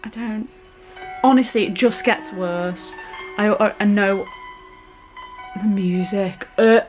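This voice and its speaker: A woman's voice: mid-range voice, slow, faint music behind, rough recording. A young woman talking through a scary film as a vlogger, gasping, squealing and chatting in a casual reaction vlog.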